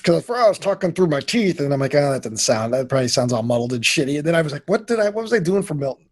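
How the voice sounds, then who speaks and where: A man's voice: fairly high pitch, sing-song, very fast. A man chatting casually on a podcast about his improv performance, rambling and self-critical with lots of restarts. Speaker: podcast guest, improv actor. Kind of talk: casual chat.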